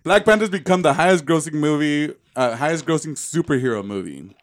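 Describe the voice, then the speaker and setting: A man's voice: on the high side, animated, brisk. A young man co-hosting a podcast in casual chat, joking and laughing often, with lots of fillers. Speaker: podcast co-host.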